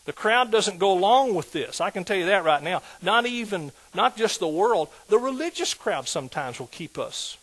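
Husky, emphatic preacher. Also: male voice, high-pitched, animated, normal speed, few pauses, low-quality recording. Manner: emphatic, rising to loud exhortation. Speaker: pastor. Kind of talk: sermon.

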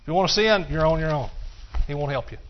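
A man preaches in a church, swinging between quiet explanation and emphatic cries of hallelujah. His voice sits a little higher than usual for a man. The recording is muffled and lo-fi. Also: lively intonation, quick pace, a little hiss or hum. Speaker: pastor. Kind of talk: sermon.

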